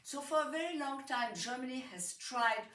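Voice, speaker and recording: A woman's voice: high voice, normal speed, a bit bright. A Swiss woman with a French accent asking a long question from the audience, earnest, with light laughs and hesitant fillers. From Switzerland. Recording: echoey hall, distant mic, faint noise.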